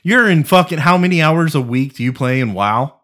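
A man co-hosting a podcast in casual chat, profane and excitable, arguing with emphasis. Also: on the high side, fairly quick. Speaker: podcast co-host.

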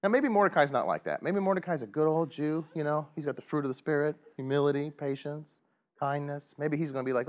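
Man, Bible teacher, jokey and animated, pitch leaps all over while he teaches. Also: quick pace. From United States. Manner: animated, joking, big pitch swings, chuckles often. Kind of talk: casual Bible study teaching.

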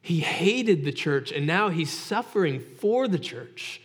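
A man's voice: fairly high pitch, animated, slow. A male pastor preaching a sermon in a conversational way, asking his listeners direct rhetorical questions. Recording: long hall reverb.

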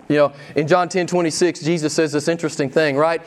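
A male pastor with a notably high voice preaches with emphasis, putting questions straight to his listeners. His tone climbs to sudden excited peaks, then drops back to earnest, direct talk. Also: normal speed. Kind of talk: sermon. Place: church.

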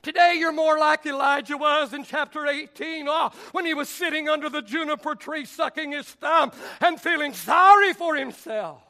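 A pastor delivering a fiery sermon, his voice climbing into shouts as he drives each point home. For a man his voice sits very high, and it has a bright, ringing edge. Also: normal speed, hardly any pauses. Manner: impassioned, often shouting.

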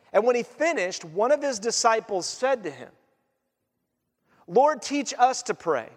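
A man preaching a sermon as pastor, conversational and animated, often acting out quotes. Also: high-pitched. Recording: long hall reverb.

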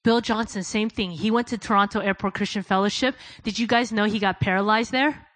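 A woman's voice: steady tone, brisk, no room sound, rough recording. Woman preaching in a dry room. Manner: storytelling, drops soft and low for quoted prayers, rises loud when exhorting; addresses listeners as "guys". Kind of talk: sermon.

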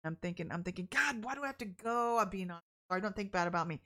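A middle-aged woman preaching in a casual, story-driven way. Her voice sits in a middle range, and she talks in an animated, chatty manner, breaking into laughter often. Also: mid-range voice, fast talker. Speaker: minister. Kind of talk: candid storytelling sermon.

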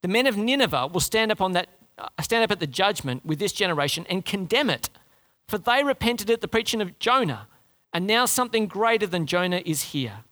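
A man preaching a sermon to his congregation, animated, his voice climbing high for emphasis and dropping low and soft for prayer. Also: a little fast. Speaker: pastor.

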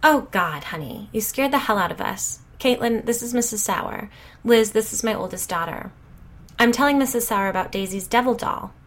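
A woman's voice: a little high, voice pushed up, lightly acted. A woman voicing a brash, swearing suburban mom. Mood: breezy. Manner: blunt, swearing, rapid gossipy. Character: brash foul-mouthed suburban mom, gossipy.

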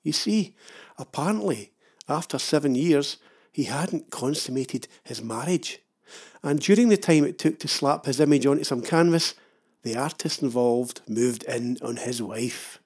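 A man's voice: mid-range voice, animated, measured pace, darkish tone, husky. An older Scottish man narrating a comic travel story with wry, self-mocking asides. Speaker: travel vlogger.

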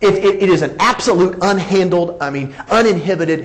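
A man's voice: high-pitched, brisk, hardly any pauses, rough recording. A man preaching a sermon, acting out quoted dialogue and chuckling as he goes. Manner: animated, acts out quoted dialogue, chuckles often. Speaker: pastor.

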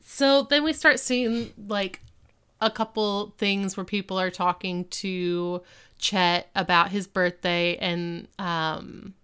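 Woman co-host, casual recap, easygoing storyteller, very clear tone. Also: medium pitch, fairly even intonation, slow, fairly bright tone. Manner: rambling retelling full of "like" and "um". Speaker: podcast co-host recapping an episode. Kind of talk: casual chat.

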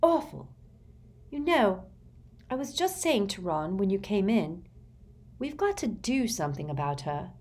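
A woman voicing an earnest, clever teenage girl who speaks eagerly and a little higher. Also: sing-song, measured pace, long pauses, darkish tone.

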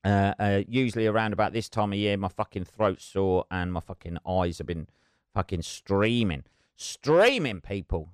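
A man's voice: deep voice, little pitch movement, normal speed, smooth, no echo, clean studio sound. A man hosting a solo podcast, rambling and wry with constant swearing, sipping tea as he talks. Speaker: podcast host.

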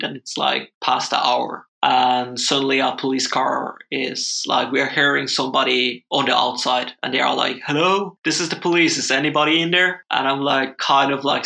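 Bright gravelly young man telling a story. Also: medium pitch. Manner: rambling, full of "like" fillers. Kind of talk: casual chat.

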